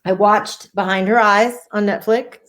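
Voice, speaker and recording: A woman's voice: mid-range voice, fairly even intonation, unhurried, a bit bright. A middle-aged woman, an author as interview guest, gushing and swearing casually as she chats.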